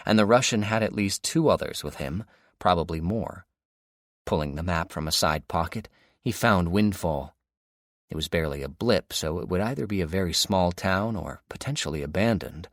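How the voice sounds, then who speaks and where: A man reading an audiobook in a steady, even storytelling manner. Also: deep voice, normal speed, no echo, clean studio sound. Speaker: audiobook narrator. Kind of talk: scripted audiobook narration.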